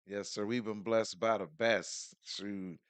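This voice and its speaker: A man hosting a podcast, hoarse today, energetically greeting viewers and shouting them out in casual chat. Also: on the low side, fairly even intonation, slow pace, no room sound. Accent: American English. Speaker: podcast host.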